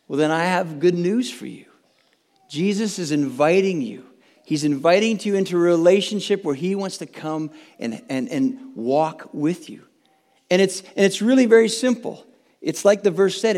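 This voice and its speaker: A man's voice: sits high, darkish tone. A man preaching a conversational sermon as pastor, earnest and chatty, often restarting and adding tag questions. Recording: long reverb from a large hall.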